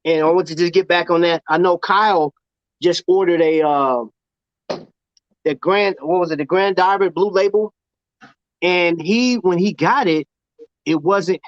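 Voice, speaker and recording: A man's voice: sits high, measured pace, pauses often, no room sound. A man hosting a casual livestream chat, talking loosely and animatedly with lots of slang and laughter. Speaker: show host. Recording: dull, lo-fi sound.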